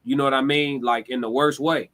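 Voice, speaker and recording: A man's voice: medium pitch, fairly even intonation, brisk, a bit bright. A young adult man, hosting a casual live-stream monologue in a conversational, reflective way, swearing freely. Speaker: livestream host.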